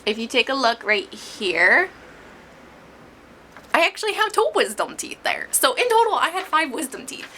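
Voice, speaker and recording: A woman's voice: high-pitched, big pitch swings, normal speed, pushed and bright, slight background noise. A young woman vlogging in casual chat from a hospital room while recovering from oral surgery, chatty and laughing often.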